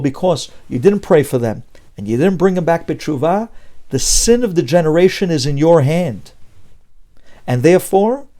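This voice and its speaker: A rabbi with a warm, high-sitting voice gives a Torah sermon, preaching emphatically with rhetorical questions and mixing Hebrew terms into his English.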